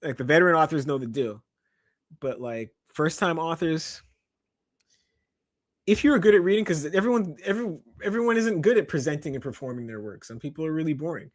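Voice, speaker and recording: Podcast guest: middle-aged man from Canada, emphatic and lively, fairly high voice, dry close sound. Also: a little fast, dry recording. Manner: animated, emphatic storytelling with laughs. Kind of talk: casual podcast conversation.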